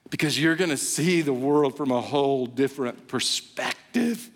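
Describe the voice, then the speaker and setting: A man preaching a sermon as pastor, telling stories with animated, playful delivery and acting out a baby's voice. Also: mid-range voice, moderate pace, few pauses, big-room sound. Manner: animated storytelling, acts out a baby's voice.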